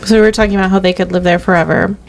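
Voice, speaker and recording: A woman co-hosting a casual podcast chat about a movie, relaxed and agreeable, often chiming in. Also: mid-range voice, racing, creaky, a little hiss or hum. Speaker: podcast co-host.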